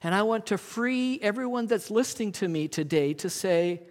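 A man's voice: sits high, expressive, moderate pace. A man teaching a congregation about evangelism, earnest and coaching, often asking rhetorical questions.

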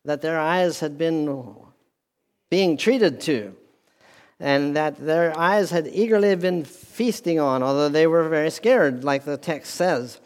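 Male pastor, sermon, slow deliberate delivery, slightly high voice, long hall reverb. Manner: deliberate preaching with repeated phrases and restarts. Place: church hall with a speaker system.

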